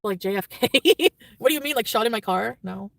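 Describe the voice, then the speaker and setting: A woman's voice: fairly high pitch, expressive, a little fast, vocal fry, fairly bright tone, no room sound. A woman vlogger chatting casually, rambling and defensive, laughing often. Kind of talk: casual vlog chat.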